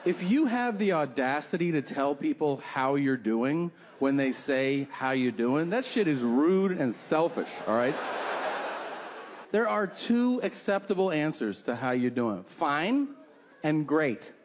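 A male stand-up comedian telling an exasperated story on stage and acting out both sides of a conversation. His voice sits a bit high for a man. It is a live stage recording with clear noise in the background. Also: big pitch swings, measured pace. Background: audience laughter.

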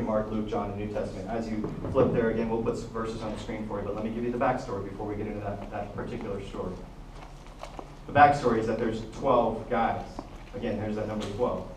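A man preaching a sermon as the pastor, telling Bible stories and acting out the quotes in lively voices. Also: lowish voice, roomy sound, distant mic, slight background noise, rough recording. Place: church hall.

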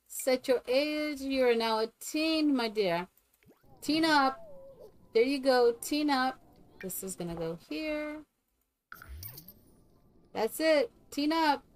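A woman's voice: sits high, animated, slow, long pauses, a little hiss or hum. A woman streaming a game live, chatting casually and coaxing her characters like a doting mother.

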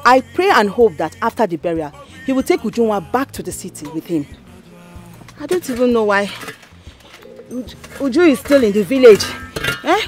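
A woman's voice: fairly high pitch, sing-song, normal speed, pauses often, soft background music. A middle-aged woman playing a mother who insistently pleads with her husband to forgive their daughter. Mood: pleading.

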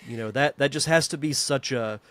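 A man's voice: medium pitch, a little fast, fairly bright tone. A man hosting a podcast interview, chatting in a friendly, casual way with plenty of "you know" fillers. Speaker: podcast host.

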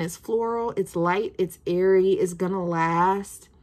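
A woman's voice: on the low side, a little slow, few pauses, darkish tone. A woman in her twenties chatting casually as she reviews perfumes, thinking aloud with plenty of fillers. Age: 20s.

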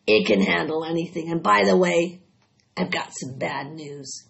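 Woman doing a husky, gluttonous rat. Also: lowish voice, fairly bright tone, full character voice. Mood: sneering. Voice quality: husky, hoarse. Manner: slow, gloating drawl. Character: greedy gluttonous male rat, bloated and sneering. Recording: dull lo-fi recording.

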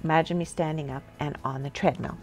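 A woman's voice: sits low, fairly even intonation, fast, darkish tone, faint music behind. A woman life coach giving an enthusiastic motivational lesson while walking on a treadmill.

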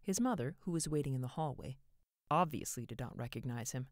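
A woman narrating a short story in an expressive way, giving each character a voice. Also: extremely low pitch, brisk, dry recording, clean studio sound.

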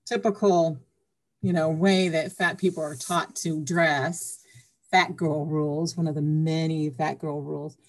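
A woman's voice: deep voice, fairly even intonation, unhurried. A woman author being interviewed on a podcast, chatty and emotional, retelling stories. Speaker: author guest.

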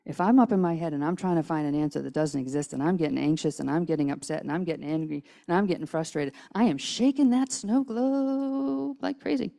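Low, gravelly woman preaching casually. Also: fairly even intonation, fast talker, few pauses, warm tone. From United States. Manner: casual, chatty, with restarts and acted-out quotes. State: tired from little sleep. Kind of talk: conversational sermon. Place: church sanctuary.

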